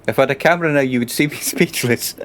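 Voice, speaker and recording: A man's voice: medium pitch, fast talker, a bit bright. A man streaming a bus-driving game, chatting and thanking viewers in an emotional, rambling way.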